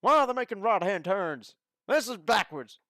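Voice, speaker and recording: Mock hillbilly race fan, excitable and shouty, put on by a man in a squeaky high voice. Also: normal speed, no echo, studio quality. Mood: mock-excited. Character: excitable American redneck male race fan.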